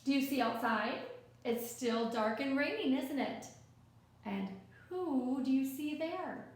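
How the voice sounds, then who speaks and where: A woman with a high voice reads a picture book aloud to young children at an unhurried pace. She coaxes gently and keeps asking her listener questions. Her voice rings around a very echoey room. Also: expressive. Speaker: storyteller.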